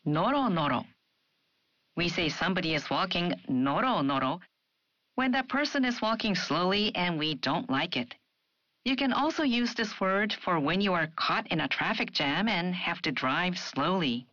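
A woman reads a scripted language lesson in a measured, careful voice and gives each example question a clear upward lift. The studio sound is dry and a little dull, with no room around her. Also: on the low side, expressive, fairly bright tone, no echo. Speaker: language program co-host. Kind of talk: scripted educational narration.

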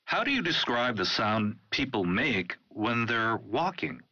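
A man hosting an educational program, announcing segments and asking prompt questions in a scripted, measured way. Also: mid-range voice, big pitch swings, bright, forceful tone, dry recording, highs cut off. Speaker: program host.

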